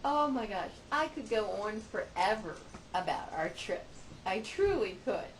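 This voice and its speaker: A woman's voice: medium pitch, expressive, measured pace, poor audio. A middle-aged woman, a mother, casually telling family stories in a chatty, playful, self-mocking way. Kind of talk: casual storytelling monologue. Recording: amateur recording with audible background noise.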